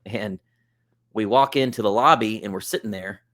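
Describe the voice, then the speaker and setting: Lower-voiced man telling a story. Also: moderate pace. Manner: relaxed, chatty, with lots of fillers like "like" and "uh". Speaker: podcast guest. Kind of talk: casual storytelling.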